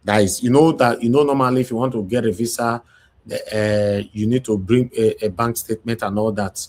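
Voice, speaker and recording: A man's voice: medium pitch, fairly even intonation, brisk, a little mellow. A man with a Nigerian accent hosting a heated discussion, talking in an angry, emphatic rant. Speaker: show host.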